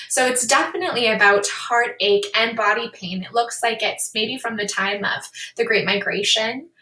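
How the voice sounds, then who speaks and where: Bright-voiced woman teaching poetry, echoey. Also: mid-range voice, distant mic. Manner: explanatory, upbeat, says "really cool". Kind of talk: classroom lesson on poetry with read-aloud examples. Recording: echoey room, voice a bit off-mic.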